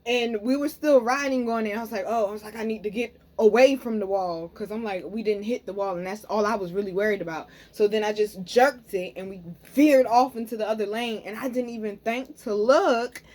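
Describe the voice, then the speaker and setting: A woman's voice: medium pitch, a little fast. Chatty woman telling a story to viewers. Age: young adult. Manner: animated, talks to viewers as "y'all", frequent "okay?". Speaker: spiritual reader and vlogger.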